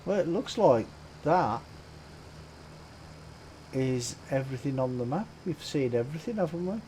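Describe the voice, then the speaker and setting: A man's voice: mid-range voice, lively intonation, normal speed, mellow, slight background noise, poor audio. A man with a Brummie accent giving chatty live-stream commentary while playing, greeting viewers and laughing often. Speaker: game streamer.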